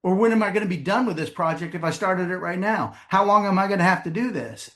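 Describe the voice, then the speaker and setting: A man's voice: sits high, lively intonation, a bit bright. A middle-aged man presenting a sales seminar to a live audience, telling comic stories and asking the room questions. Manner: storytelling with comic voices and quick asides.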